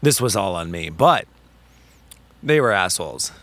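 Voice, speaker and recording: A man co-hosting a podcast, telling a story in casual chat, animated and full of swearing and quoted back-and-forth. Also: deep voice, a little slow, no echo. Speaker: podcast co-host.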